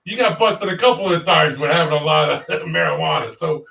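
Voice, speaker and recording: Guy hosting, jokey and interrupting, high bright voice, echoey far mic. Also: brisk, creaky. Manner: joking, interrupting. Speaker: host. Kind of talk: casual chat. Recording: echoey room, distant mic.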